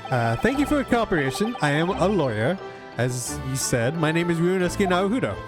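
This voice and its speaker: A man reads the part of an earnest young rookie lawyer who sounds a little unsure of himself. His voice sits slightly high and moves lively. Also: fairly quick, over music. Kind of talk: reading game dialogue aloud.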